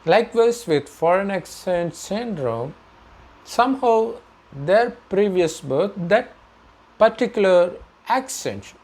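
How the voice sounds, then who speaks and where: A man giving a spiritual talk as a teacher, explaining slowly and carefully with pauses. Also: high-pitched, expressive, a little mellow. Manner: slow, measured explaining with pauses.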